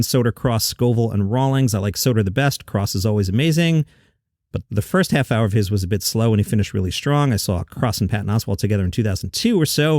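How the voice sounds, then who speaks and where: A man's voice: mid-range voice, a little mellow, no room sound, clean studio sound. A man hosting a comedy news podcast, chatty and opinionated, reading listener comments aloud.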